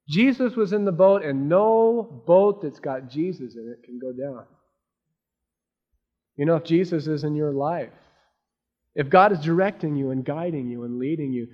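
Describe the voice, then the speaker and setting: A male pastor delivering a sermon with a fairly high voice and a wide, swinging delivery. He rises into excited cries when he voices worried people and sinks low for quiet points. The recording sounds dull and lo-fi. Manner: animated, acts out frantic voices of the disciples.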